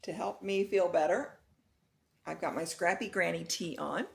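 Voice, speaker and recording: A middle-aged woman from Texas chatting casually in a vlog, retelling a nightmare with laughs and animated swings. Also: fairly low pitch, normal speed, creaky. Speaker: vlogger.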